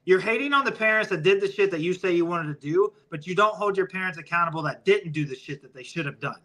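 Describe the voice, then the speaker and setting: A man's voice: sits high, lively intonation, fast, a bit bright, low-quality recording. A man hosting a podcast, ranting heatedly and profanely in casual conversation. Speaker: podcast host.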